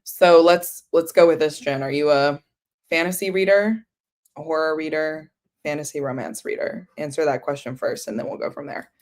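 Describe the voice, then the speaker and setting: A woman with a low, deep voice hosts a casual book livestream. She rambles in a loose, chatty way, full of "um" and "like", and answers her viewers as she goes. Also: fairly quick, a little mellow. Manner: many fillers like "um" and "like". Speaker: book streamer.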